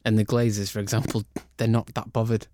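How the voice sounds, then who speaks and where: A man's voice: on the low side, flat delivery, a little fast, dark tone, a little hiss or hum. A man chatting and joking through a football debate. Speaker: football podcast panelist. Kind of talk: casual football banter.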